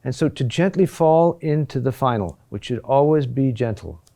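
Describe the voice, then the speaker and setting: A man teaching a recorded lesson on chant rhythm, talking deliberately with pauses and "huh?" checks. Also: mid-range voice, lively intonation, vocal fry, mellow.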